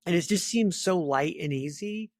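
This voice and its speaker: A middle-aged man speaking as a guest in a casual interview, chatty and animated, full of fillers and asides. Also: high voice, normal speed, no echo, studio quality. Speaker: talent acquisition leader, guest.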